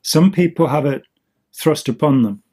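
A man's voice: fairly high pitch, normal speed, dark tone, slightly rough. A man co-hosting a podcast, explaining in a rambling casual chat full of ums and restarts. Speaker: podcast co-host.

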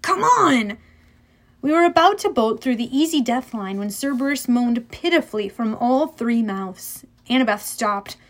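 A woman narrating a children's fantasy audiobook in the first person, lively and storytelling. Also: a little high, normal speed, hardly any pauses.

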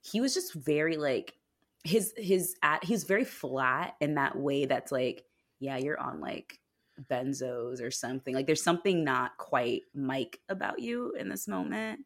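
A young adult woman hosting a podcast in casual chat, animated and full of "like". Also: deep voice, a little slow. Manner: animated, lots of "like", slips into mocking impressions. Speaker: podcast host.

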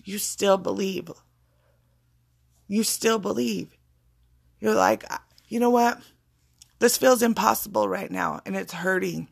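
Woman motivational speaker, gravelly, emphatic and repetitive, blunt profanity. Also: medium pitch. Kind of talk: casual spiritual pep talk.

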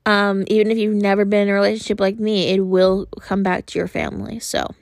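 A young woman hosting a podcast, talking frankly and earnestly in a casual monologue, often pausing on fillers. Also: mid-range voice, steady tone, vocal fry, no room sound, clean studio sound. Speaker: podcast host.

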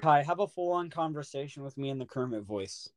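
A man's voice: a little high, expressive, brisk. A man hosting a casual podcast, joking and egging on his friends. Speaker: podcast host. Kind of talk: casual chat.

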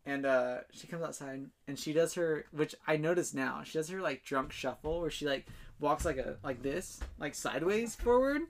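A man's voice: on the high side, animated, moderate pace. A young man telling a rambling story in casual chat, full of fillers and swearing and laughing as he goes.

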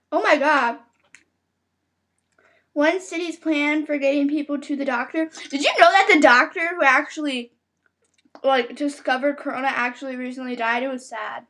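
A woman recording a casual podcast from her bed, reading the news aloud in a panicky, dramatic way with frequent exclamations. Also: sits high.

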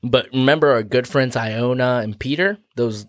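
A man's voice: medium pitch, moderate pace, no echo, studio quality. A man co-hosting a casual podcast, explaining things in a rambling, profane way full of asides. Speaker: podcast co-host. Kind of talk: casual chat.

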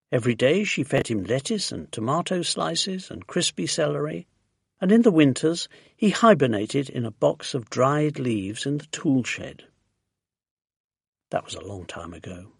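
A man narrating a children's storybook in a lively, expressive way. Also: fairly high pitch, gravelly, slightly rough, no room sound. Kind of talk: storybook reading.

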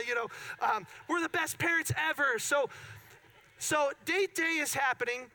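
Middle-aged midwest pastor telling a story, high bright voice, acts out the dialogue, yells now and then. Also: male voice, poor audio. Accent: Upper Midwest American. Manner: animated storyteller acting out dialogue with sudden shouts. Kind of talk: storytelling sermon.

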